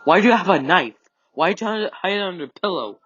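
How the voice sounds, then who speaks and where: A man doing an angry shouting father. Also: high-pitched, lively intonation, fast, highs cut off, voice pushed up. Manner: yelling, exasperated. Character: angry, shouting father scolding his son.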